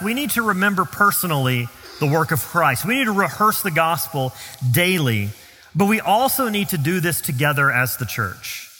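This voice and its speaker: A man with a Southern US accent preaching a sermon as pastor, earnest and emphatic, slowing down on key phrases. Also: a little high, bright, forceful tone, breathy edge, big-room sound. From Southern United States. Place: church sanctuary.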